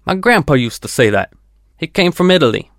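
A man's voice: fairly high pitch, sing-song, brisk, gravelly, fairly bright tone, no room sound, studio quality, pitched above the performer's own voice, heavily acted. A man doing a plain-spoken building caretaker. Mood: fond. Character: building maintenance man, plain-spoken, Italian-American grandson.

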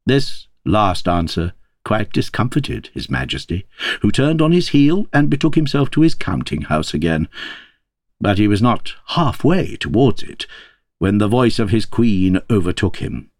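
A man reading a fairy tale aloud as narrator with expressive, playful delivery. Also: on the low side, unhurried, no room sound, studio quality. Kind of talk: storybook read-aloud.

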